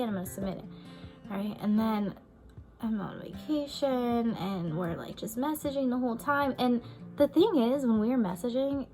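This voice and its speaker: A young woman tells a personal story straight to the camera in a casual vlog. Her voice sits a little high, and she talks in a loose, emotional way, dotting her sentences with "like" and "right?" Faint music plays underneath. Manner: chatty, emotional, heavy use of "like" and "right?". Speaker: vlogger.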